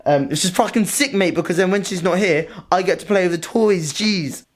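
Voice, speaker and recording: A young British man vlogging casually to his own camera at home and in his car, excitable, slangy and full of swearing. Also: high-pitched, fairly quick, noisy background. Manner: excitable, slangy and sweary, keeps saying "mate". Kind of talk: casual vlog chat to camera. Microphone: self-filmed camera.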